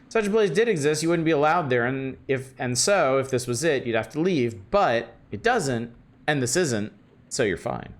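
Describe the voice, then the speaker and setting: A man's voice: medium pitch, lively intonation, moderate pace, natural voice. A man voicing a fussy, evasive middle-aged woman librarian in a video game, reading her lines aloud in a genteel manner and calling everyone dearie.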